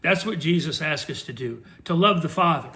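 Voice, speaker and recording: A man co-hosting a Christian talk show, preaching earnestly and slowing down to stress each point. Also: a little high, animated, pushed and bright. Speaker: Christian TV co-host.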